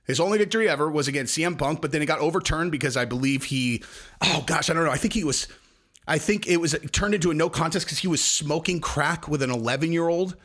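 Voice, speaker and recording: A man's voice: on the high side, quick pace, fairly bright tone. A man hosting a casual commentary rant, sarcastic and rambling, slipping into mocking quoted voices. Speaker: commentary video host.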